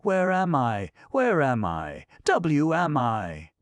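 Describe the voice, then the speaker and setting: A man's voice: on the high side, wildly swooping pitch, slow pace, no room sound, pitched above the performer's own voice, exaggerated voice. A man voicing a fierce, ragged-bearded little male gnome who howls and boasts, read in a storybook. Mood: frightened. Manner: howling, frightened, then boastful. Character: grumpy old male gnome king, fierce.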